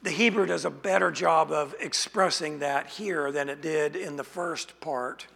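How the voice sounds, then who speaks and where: A man preaching an expository sermon, speaking slowly and deliberately and asking rhetorical questions. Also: on the high side, vocal fry, fairly bright tone, breathy edge. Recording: long hall reverb.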